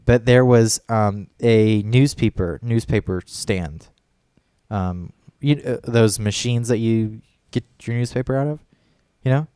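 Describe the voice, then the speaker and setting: A man's voice: fairly low pitch, unhurried, dark tone, clear, resonant tone, dry recording, clean studio sound. A man telling a story in casual chat as a podcast co-host, rambling and profane, full of fillers and restarts.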